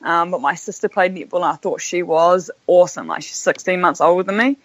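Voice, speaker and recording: A woman with a New Zealand accent, a sports captain talking casually as a podcast guest, laid-back and quick to laugh. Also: on the low side, no room sound, lo-fi sound.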